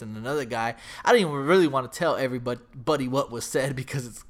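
A man hosting a casual podcast who tells stories in an animated, profane way. He acts out what other people said as he goes. His voice sits at an ordinary middle pitch. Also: fast talker, hardly any pauses. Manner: animated, profane storytelling, acts out quoted lines. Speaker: podcast host. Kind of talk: casual storytelling chat.

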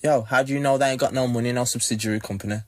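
A man's voice: medium pitch, steady tone, rapid-fire. A man teasing and questioning his friends in casual podcast banter. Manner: teasing, skeptical.

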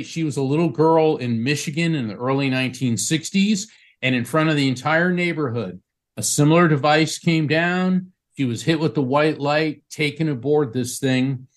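A man appearing as a guest psychic medium, telling a story in an interview and acting out the people he quotes. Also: medium pitch. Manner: animated storyteller who acts out quoted speech. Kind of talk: storytelling in a talk show interview.

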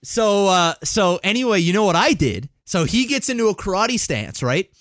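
A man's voice: sits high, moderate pace, dry recording, clean studio sound. A man co-hosting a podcast, telling a long childhood story in a rambling, profane, casual way. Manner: rambling, profane, animated when excited. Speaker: podcast co-host.

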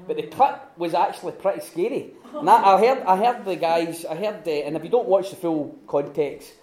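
A man giving an informal teaching talk at a retreat, telling stories with lively restarts and acted-out quotes. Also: high-pitched, normal speed. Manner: animated storytelling with many restarts and acted-out quotes. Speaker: retreat speaker. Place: room at a retreat. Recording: echoey room.

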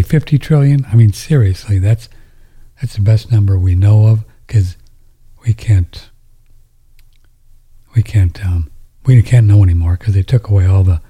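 Male host, low husky tone, loose rambling delivery with hushed asides. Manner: rambling, with frequent restarts and drops into near-whispers. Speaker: host answering viewer questions. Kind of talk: casual monologue.

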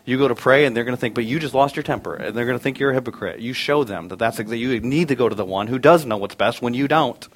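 A man in his thirties, a pastor preaching a sermon, earnest, telling family stories with humor and building to loud emphatic peaks. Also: medium pitch, fast talker, hardly any pauses, slight background noise.

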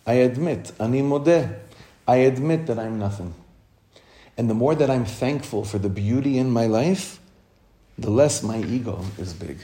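A man's voice: mid-range voice, animated, moderate pace, warm tone. A man teaching a Torah class for women as a rabbi, heartfelt, questioning his listeners and repeating phrases for emphasis, with Hebrew terms mixed into his English. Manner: asks the listeners questions, then answers them.

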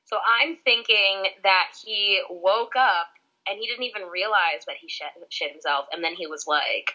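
A woman's voice: medium pitch, normal speed, bright, forceful tone, muffled recording. A woman co-hosting a podcast, reacting to a story with exclamations and joking along. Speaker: podcast co-host. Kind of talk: casual chat.

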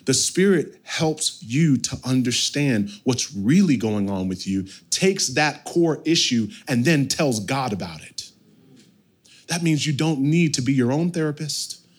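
Preaching a little slowly in a mid-range voice, a pastor in his thirties shares a family story during his sermon. He keeps it animated with sudden shifts from loud to soft.

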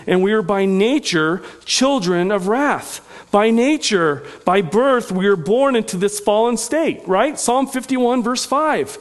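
A middle-aged pastor preaching a sermon in an earnest, conversational way, with folksy asides and humor. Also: male voice, high voice, expressive, a little slow, hardly any pauses.

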